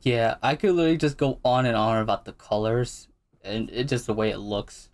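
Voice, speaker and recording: A man hosting a casual chat, telling stories in a relaxed, rambling way. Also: medium pitch, fairly quick. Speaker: host.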